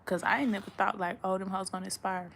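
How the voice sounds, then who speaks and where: A woman's voice: mid-range voice, steady tone, fast, gravelly, fairly bright tone. Young woman, casual vlog, profane and blunt, rambling talk, faint hiss behind. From Texas. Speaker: vlogger. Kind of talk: casual chat to camera. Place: her room at home.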